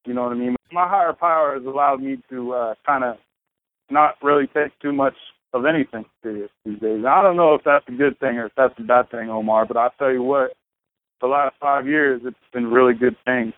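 A man's voice: mid-range voice, fairly quick, no echo. A man in his thirties, a podcast guest telling his story in a loose, profane, rambling way. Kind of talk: casual conversation. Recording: tinny phone-like line.

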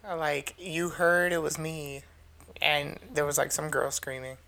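A man's voice: fairly high pitch, steady tone, unhurried, gravelly, sharp tone. A young man asking his sister questions in casual conversation, speaking hesitantly.

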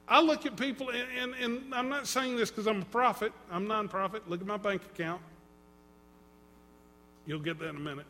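A man preaching a sermon as pastor, dramatic, swinging between loud and hushed and acting out quotes. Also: high voice, moderate pace. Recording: long reverb in a hall.

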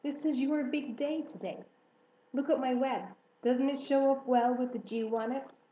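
A woman voicing a gentle, wise female spider who speaks quietly and softly. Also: high voice, fairly even intonation, normal speed, reverberant, pitched above the performer's own voice, close to an everyday voice, low-quality recording. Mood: tender. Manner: quiet, soft-spoken.

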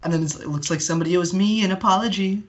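A man's voice: high voice, very fast. A man co-hosting a podcast who is also a magician, retelling an episode in casual chat with many fillers. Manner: steady storytelling with many fillers.

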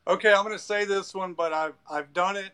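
Candid male guest, self-deprecating confession, slightly raised pitch. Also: steady tone, a little fast, sharp tone, clean tone. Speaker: guest angler. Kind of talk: casual podcast chat.

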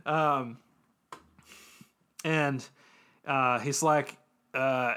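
A man's voice: medium pitch, steady tone, very slow, sharp tone, clear, resonant tone. A man casually recapping an anime episode on a podcast, loose and joking, with plenty of ums and restarts. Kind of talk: casual chat.

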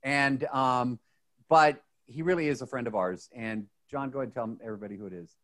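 A man co-hosts a casual podcast, his voice at a middle pitch. He rambles and restarts often. His excitement runs through the chat. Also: a little fast. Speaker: podcast co-host.

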